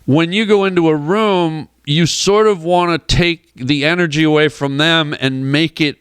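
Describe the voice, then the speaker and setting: Man, comedian guest, animated storyteller, higher pitch, crisp clear voice, dry studio sound. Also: moderate pace, no echo. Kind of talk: casual storytelling on a radio show. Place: radio studio.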